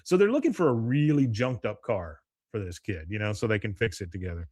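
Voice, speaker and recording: A man co-hosting a podcast, recapping scenes with a lively, swooping voice. He talks casually, laughs often and leans on drawn-out "uh"s. The mic is close and dry. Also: lowish voice, husky, dry recording. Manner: animated, laughs often, stretches words with "uh". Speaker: podcast co-host.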